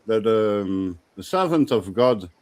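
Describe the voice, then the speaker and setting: A man's voice: lowish voice, expressive, measured pace, darkish tone. A man speaking as a guest author on a live panel, talking hesitantly while politely filling time.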